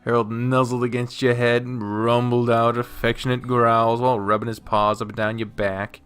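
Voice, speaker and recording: A man's voice: medium pitch, level tone, moderate pace, hardly any pauses, smooth, soft background music. A man reading a visual novel aloud and breaking off into casual commentary that often turns to swearing. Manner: casual, swears freely, reads the narration softly, then breaks out into loud commentary. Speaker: game streamer.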